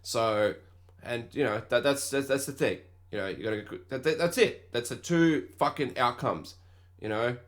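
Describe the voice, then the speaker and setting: A man's voice: medium pitch, normal speed. A young Australian man hosting a podcast, telling a story in a rambling, profane rant and mocking the people he quotes. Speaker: podcast host. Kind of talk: casual ranting monologue.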